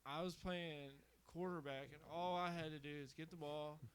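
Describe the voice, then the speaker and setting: A young man in casual podcast chat, ribbing his co-host and drawing out his own stories in a relaxed way. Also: a little high, a little hiss or hum. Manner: relaxed, ribbing reactions, drawn-out storytelling.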